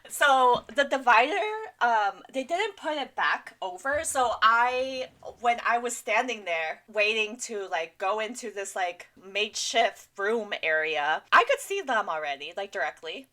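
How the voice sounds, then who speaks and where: A woman's voice: fairly high pitch, lively intonation, unhurried, bright, forceful tone. A woman co-hosting a casual podcast, telling a story in a laid-back, candid way, laughing and swearing now and then. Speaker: podcast co-host.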